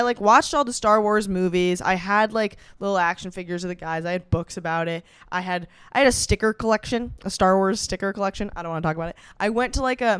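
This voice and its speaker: A young woman does stand-up in a clear, smooth voice, ranting sarcastically with swearing and quick asides. The recording is dry and close, with no room sound. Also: medium pitch, a bit bright, no echo. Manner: sarcastic rants. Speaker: comedian. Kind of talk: stand-up comedy.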